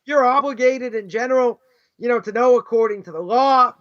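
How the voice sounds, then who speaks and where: A man's voice: very high voice, brisk, crowd noise. A middle-aged man from the United States, a rabbi teaching a casual, conversational lesson, full of rhetorical questions and "right?" and "you know". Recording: dull lo-fi recording.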